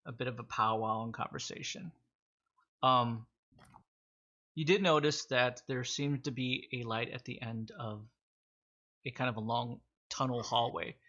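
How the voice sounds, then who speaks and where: A man narrating a tabletop game as game master, relaxed and joking. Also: mid-range voice, a little slow, pauses often. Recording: dull lo-fi audio.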